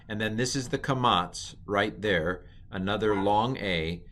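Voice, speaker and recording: A man teaching a recorded language lesson in a relaxed, rambling way, full of ums and self-corrections. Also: fairly low pitch, unhurried, few pauses, a little hiss or hum. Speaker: Hebrew teacher. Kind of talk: informal recorded lecture.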